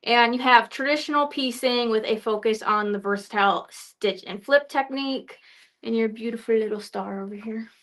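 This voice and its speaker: A chatty young woman with a fairly high voice hosts a casual live showcase of quilt patterns. She stumbles over words and laughs it off. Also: normal speed, fairly bright tone. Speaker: host presenting new quilting products.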